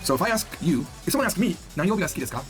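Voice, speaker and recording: Fast, lively male language teacher. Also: high voice, faint music behind. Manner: upbeat, chatty, repeats words for drill. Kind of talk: recorded beginner lesson.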